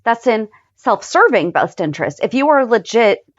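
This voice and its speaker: A woman chats about recent episodes with a voice that rises and falls widely. Her reactions come quickly and easily. The recording is dry and slightly muffled. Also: fairly high pitch, very animated, no echo. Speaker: podcast co-host. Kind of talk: casual recap chat.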